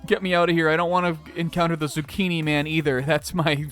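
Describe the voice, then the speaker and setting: A man's voice: fairly high pitch, little pitch movement, fast, a bit bright. A man streaming a video game in a casual, rambling way, swearing often and laughing a lot. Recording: faint game music behind.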